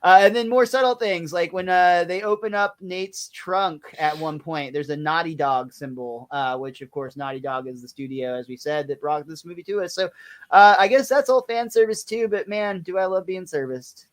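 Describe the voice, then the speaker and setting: Animated young man, slightly higher voice. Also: moderate pace. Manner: animated, rambling with many fillers. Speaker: podcast co-host. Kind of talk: casual chat.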